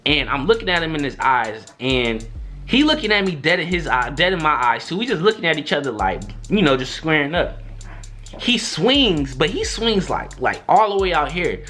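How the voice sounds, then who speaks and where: Speaking at a moderate pace over soft background music, a young man tells a storytime monologue for his vlog. He's animated and slangy, voicing other people's quotes with dramatic pitch jumps.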